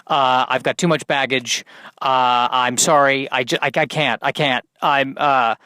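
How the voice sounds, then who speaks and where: A man's voice: mid-range voice, fairly even intonation, a little slow, sharp tone, smooth, dry recording, clean studio sound. A man voicing a weepy, anxious, overwhelmed male spy who stammers and talks in a tearful panic. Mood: panicky.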